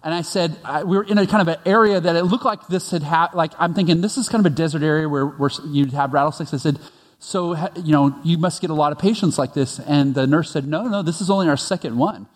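A man's voice: a little high, quick pace. A man preaching a conversational sermon as pastor, telling stories with frequent restarts. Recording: long reverb of a large hall.

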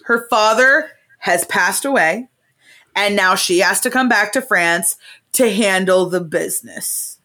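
A young woman casually retelling a play's plot with plenty of swearing, slipping into quick character voices. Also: medium pitch. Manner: swearing, animated play-by-play with put-on voices for characters. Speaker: podcast co-host. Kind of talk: casual chat, retelling a play.

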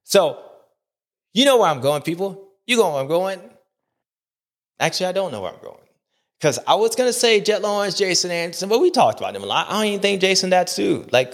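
A man's voice: high voice, lively intonation, fairly quick, vocal fry. A man hosting a recap show, talking in a playful, slangy, rambling way. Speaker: show host. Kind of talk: casual rambling recap monologue.

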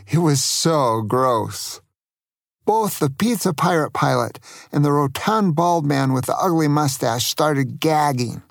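An older man narrating a children's adventure story, slowly and often asking the listener questions. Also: on the high side, vocal fry, no room sound, clean studio sound. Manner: slow, asks the young listener questions.

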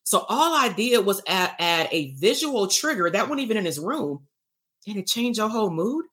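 A woman therapist teaching casually on a livestream, animated and playful, acting out exchanges and swearing lightly. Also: mid-range voice, normal speed. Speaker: therapist leading workshops.

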